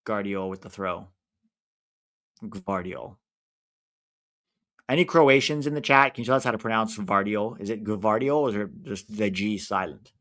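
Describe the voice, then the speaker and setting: A man's voice: fairly low pitch, moderate pace, long pauses. American man streaming a football watch-along. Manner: chatty, reacts loudly to big moments.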